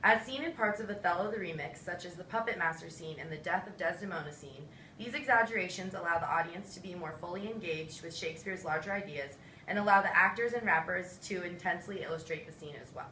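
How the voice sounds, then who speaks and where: A woman's voice: fairly low pitch, quick pace, bright, forceful tone. Young woman reading a class presentation. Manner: reads a prepared script steadily. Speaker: student presenter. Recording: roomy echo, distant mic, faint hiss.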